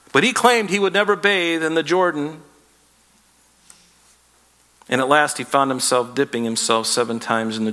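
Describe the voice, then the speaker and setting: A man preaching a sermon, retelling Bible stories in lively, casual speech and briefly acting out the characters. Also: mid-range voice. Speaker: pastor.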